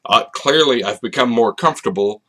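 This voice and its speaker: A man's voice: mid-range voice, a little fast, fairly bright tone. A man hosting his own channel, talking to camera in a casual late-night ramble, hesitant and full of fillers and restarts. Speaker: video channel host. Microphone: facing a camera.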